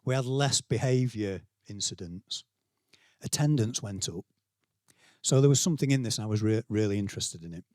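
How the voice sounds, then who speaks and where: A middle-aged school leader with a Yorkshire accent gives a keynote to staff at a conference venue, his lowish, mellow voice moving at a moderate pace. He tells anecdotes conversationally and self-deprecatingly, acting out quotes, and the studio-quality sound has no room echo.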